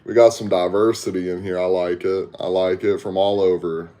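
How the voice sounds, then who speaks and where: His voice sits low and sounds warm, with a flat delivery at a moderate pace. He's a young Texan podcast host with a Southern accent, chatting casually with livestream viewers on a headset mic in a laid-back, slangy way and talking to chat.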